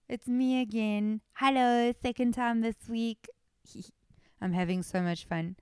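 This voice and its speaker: A South African woman hosting a horror podcast, chatting excitably and often interrupting herself. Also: a little high, unhurried, clear, resonant tone. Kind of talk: casual podcast chat.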